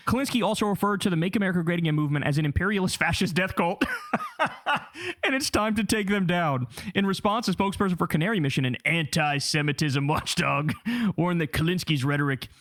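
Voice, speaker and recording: A man in his thirties streaming, reading an article aloud and reacting with profane, animated swagger. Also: high-pitched. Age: 30s.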